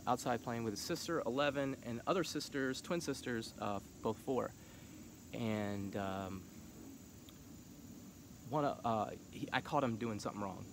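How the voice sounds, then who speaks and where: A middle-aged male vlogger with a lowish, gravelly voice delivers a casual monologue on politics against a noisy background. His filler-heavy talk is passionate and climbs into heated shouting.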